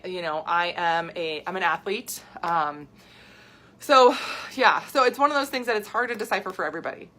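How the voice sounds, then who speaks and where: A woman in her thirties, a health coach hosting a casual live video, talking to viewers in an animated, chatty way and reacting excitedly to their comments. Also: fairly low pitch. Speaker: health coach and podcast host.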